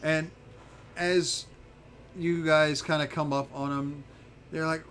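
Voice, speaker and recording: A man narrating a tabletop game as game master, casual and halting with many fillers. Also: on the high side, level tone, fairly bright tone, slight background noise.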